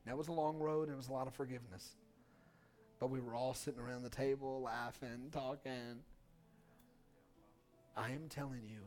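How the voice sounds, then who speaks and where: A man pastor preaching a sermon, building from hushed storytelling to loud, fervent exhortation. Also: mid-range voice, slight background noise.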